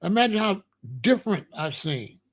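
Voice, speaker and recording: A man in his sixties holds forth in a loose, casual monologue as host of his own show. His voice sits high, and he hammers his points home, repeating himself and stretching out words for emphasis. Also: very animated. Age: 60s. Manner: emphatic, repetitive, drawn-out phrasing.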